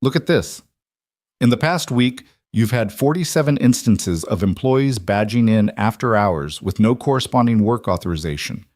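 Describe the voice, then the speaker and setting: A guarded ex-soldier father who answers in short, firm lines, as a narrator voices him. The voice sits low and plain. The sound is dry and close. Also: animated, moderate pace, a little mellow, dry recording, natural voice. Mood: terse firm. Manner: terse, firm.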